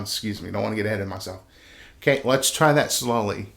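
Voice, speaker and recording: A man's voice: fairly low pitch, brisk, gravelly. Man counting beats while teaching conducting. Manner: encouraging, casual teacher talk with fillers. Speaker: band director teaching conducting. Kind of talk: instructional video lesson.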